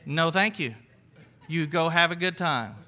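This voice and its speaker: A man with a high, bright voice gives a casual, conversational sermon as a pastor. He talks earnestly, repeats and restarts phrases, and uses light everyday examples. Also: animated, measured pace.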